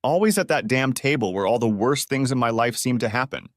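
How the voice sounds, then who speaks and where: A man reads a first-person revenge story aloud with bitter, dramatic delivery. His pitch moves in a lively way. The recording is close and dry, with no room sound. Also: fairly quick, no echo. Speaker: narrator. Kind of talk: first-person audiobook narration.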